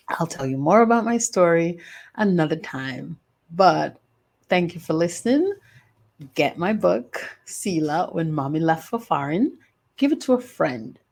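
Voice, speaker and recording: Older woman, podcast host, personal storytelling, emphatic drawn-out phrases, lowish voice. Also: creaky, a little mellow.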